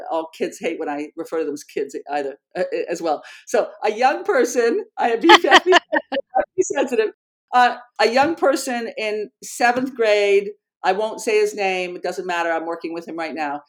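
Woman educator, mid-pitch, earnest and animated, self-correcting storyteller in an interview. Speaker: educator and program founder.

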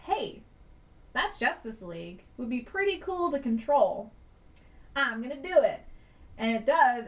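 A woman with a fairly high-pitched voice, sitting far from the mic, co-hosts a podcast in casual chat. She retells scenes animatedly, laughing often and swearing casually.

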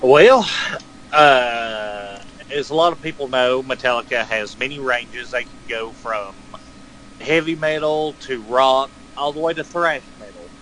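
A man's voice: medium pitch, a little slow, fairly bright tone, a little hiss or hum, poor audio. Hesitant man reviewing an album. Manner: hesitant, many filler sounds. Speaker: podcast co-host reviewing music. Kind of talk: casual review.

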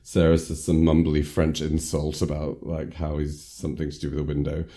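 Low, mellow man rambling through a recap. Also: monotone, moderate pace. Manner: rambling, laughs often, many fillers. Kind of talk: casual chat recapping a film.

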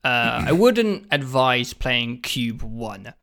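A man's voice: mid-range voice, big pitch swings, slow pace, a bit bright. A man with the sniffles, chatting casually about games on a podcast, swearing freely and laughing through his stories. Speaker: podcast co-host. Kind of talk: casual chat.

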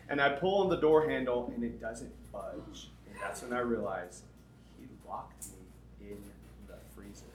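A man preaching to a camp crowd, telling a comic story with dramatic pauses, laughs and sudden shouts. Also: a little high. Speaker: camp speaker. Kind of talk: storytelling sermon. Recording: echoey room, faint background noise.

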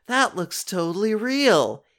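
A man's voice: high voice, big pitch swings, slow pace, fairly bright tone, pitched above the performer's own voice, exaggerated voice. A man voicing Jordan, a bratty, scoffing young boy, in a raised voice while reading a storybook aloud. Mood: gleeful.

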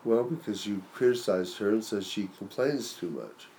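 A man's voice: on the low side, mellow, slight background noise. A man co-hosting a casual chat, speaking hesitantly with many restarts. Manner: halting, hesitant. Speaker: podcast co-host.

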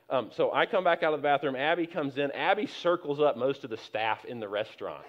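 This middle-aged pastor speaks fairly quickly in a mid-range voice, barely pausing. His sermon is conversational and full of stories, with many restarts and mounting emphasis, and the audio is slightly dull and low-fidelity.

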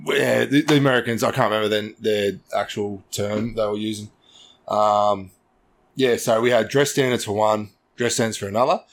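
A man's voice: lowish voice, fairly even intonation, moderate pace. An Australian man, an army veteran, talking in a blunt, laid-back and sweary way on a casual podcast.

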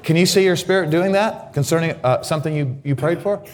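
A middle-aged man preaching as a guest pastor, repeating words and acting out shouts of praise. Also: fairly high pitch, fairly quick. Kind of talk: sermon.

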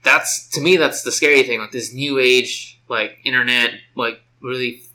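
Rambling, bright-voiced man chatting. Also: medium pitch, normal speed, low-quality recording. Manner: rambling, filler-heavy, relaxed. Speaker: podcast co-host. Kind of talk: casual chat. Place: sister's house.

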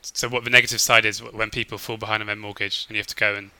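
A man co-hosting a podcast, chatting casually with joking, quick interjections. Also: lowish voice, flat delivery, bright, forceful tone, no echo. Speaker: podcast co-host.

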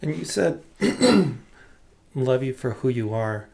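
A man interviewing a guest casually, asking gently probing questions. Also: mid-range voice, big pitch swings, slow pace, vocal fry.

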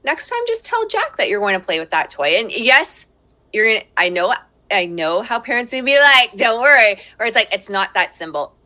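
Bright-voiced woman teaching live from home. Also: fairly high pitch, very animated, normal speed. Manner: chatty and warm, laughing often and breaking off to address her children. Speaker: parenting coach hosting a live workshop. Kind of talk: live-streamed teaching talk. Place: at home with young children around.

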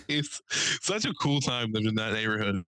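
A man's voice: on the low side, fairly bright tone, no room sound, rough recording. A young man co-hosting a podcast, telling a long, profane story in casual chat and acting out the people he quotes in a raised voice. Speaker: podcast co-host.

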